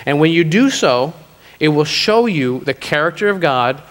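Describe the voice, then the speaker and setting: A man preaching a sermon to a congregation, slowing down to stress key lines. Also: a little high, lively intonation, a bit bright. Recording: long reverb of a hall.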